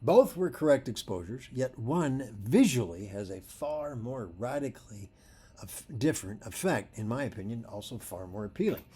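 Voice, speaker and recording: Man, photography instructor, husky voice, very lively pitch, animated storyteller. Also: normal speed. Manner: animated storytelling, acting out dialogue. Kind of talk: presentation.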